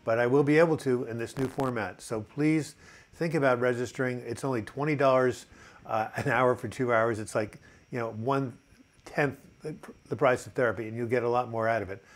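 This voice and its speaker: A man's voice: medium pitch, fairly even intonation, fairly quick. An older man hosting a casual live chat, upbeat and chatty as he reads out viewer comments, with plenty of fillers. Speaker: host of a mental health live chat.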